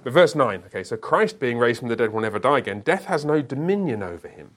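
A man teaching an interactive Bible study, asking the group questions and explaining with quick asides. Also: medium pitch, big pitch swings.

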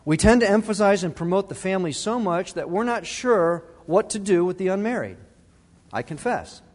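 A middle-aged pastor preaches in a lightly higher voice, his words ringing out with a long echo around the sanctuary. He keeps it earnest and conversational and often restarts his phrases. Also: expressive, normal speed. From Arizona. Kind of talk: sermon.

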